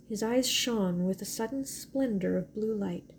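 Gravelly-voiced woman narrating a novel. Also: mid-range voice, a little slow, slight background noise. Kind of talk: audiobook narration.

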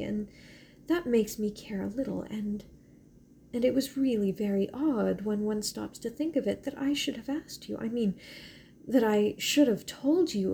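A woman's voice: medium pitch, creaky, warm tone, a little hiss or hum. A woman reading the lines of a shy, curious young woman in a novel, hesitant and stammering.

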